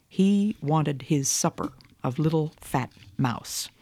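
Woman, radio host, storybook reading, gentle, measured, dry close sound. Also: deep voice, lively intonation, no echo.

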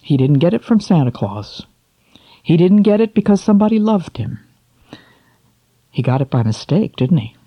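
A woman reading a poem aloud to children, then drawing a moral, slow and expressive, asking her listeners questions. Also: lowish voice, breathy edge, no echo, lo-fi sound. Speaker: storyteller for children.

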